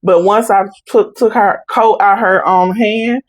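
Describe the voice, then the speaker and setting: A woman's voice: mid-range voice, a little slow, dry recording, low-quality recording. A young adult woman, a podcast guest, animatedly retelling a family story and acting out the voices in it. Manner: animated retelling with quoted dialogue in Southern Black vernacular. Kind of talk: casual storytelling.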